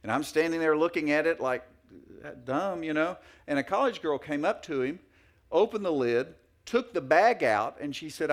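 A man's voice: a little high, lively intonation, moderate pace. A middle-aged male pastor preaching a sermon in a folksy, anecdotal way with many fillers and restarts.

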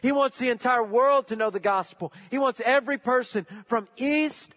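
High-voiced male preacher. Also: moderate pace, fairly bright tone. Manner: storytelling, repeating phrases for emphasis. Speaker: pastor. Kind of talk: sermon.

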